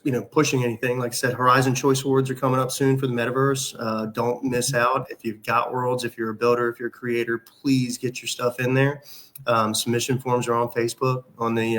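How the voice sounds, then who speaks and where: A man's voice: medium pitch, flat delivery, moderate pace, a bit bright. Regular-voiced guy guesting on a radio show, easygoing, thanking folks. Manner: easygoing, grateful, promotional. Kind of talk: casual radio chat.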